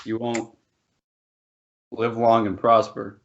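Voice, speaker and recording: Slow and flat in a lowish voice, this podcast co-host rambles and laughs through loose banter, swearing plenty. The recording is dull, lo-fi podcast audio.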